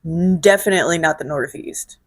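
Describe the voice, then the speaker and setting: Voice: mid-range voice, a little fast, dry recording, studio quality. A host from Illinois, answering viewer questions in a casual solo vlog with blunt, profane, sardonic humor. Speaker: show host.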